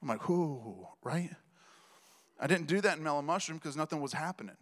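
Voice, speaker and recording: A man preaching in a conversational, joking storytelling style, building to loud emphatic passages. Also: a little high, quick pace. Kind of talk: sermon storytelling. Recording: reverberant hall.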